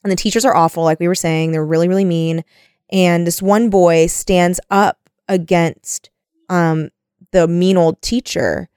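A woman's voice: fairly low pitch, steady tone, measured pace, a little mellow, clean tone, no room sound, studio quality. A woman co-hosting a casual book discussion, chatty and using "like" constantly as she retells the plot.

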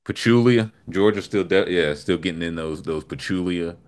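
A man's voice: low voice, normal speed. A man hosting a casual sports talk show, reading listener picks and laughing easily as he talks. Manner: laughs often, animated and bouncy delivery. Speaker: host.

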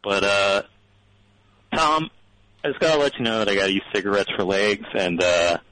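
A male caller from New Orleans with a lowish voice and a deadpan manner. He hesitates often and fills the pauses with ums. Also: no echo, rough recording. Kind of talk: call-in radio chat.

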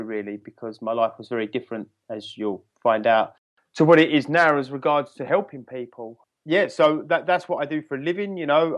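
English man, podcast guest, reflective and candid, starts over often, dull lo-fi call sound. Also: medium pitch. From England. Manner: candid, reflective, halting restarts. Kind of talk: podcast interview.

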